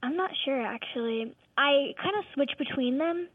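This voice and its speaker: A woman's voice: sits high, expressive, normal speed, no echo. A young female caller from Texas on a phone line, chatty and curious. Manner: chatty, curious, easily amused. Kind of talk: phone call to a radio show.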